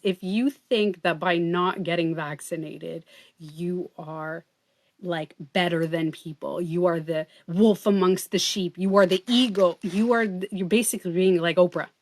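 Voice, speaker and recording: Emphatic woman rambling on a livestream. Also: fairly low pitch. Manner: rambling and emphatic, swears casually. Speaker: livestream host. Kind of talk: casual livestream monologue.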